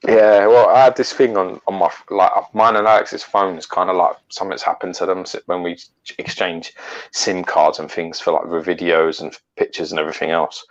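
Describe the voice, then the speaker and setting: A man's voice: sits low, highs cut off. A middle-aged man chatting on a live stream, telling stories loosely, swearing a lot and laughing often. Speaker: co-host. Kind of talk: casual chat.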